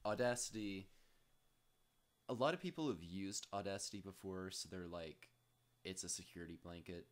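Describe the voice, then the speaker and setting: A man casually rambling through a software tutorial, self-deprecating and full of jokey asides. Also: low-pitched. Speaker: tutorial host.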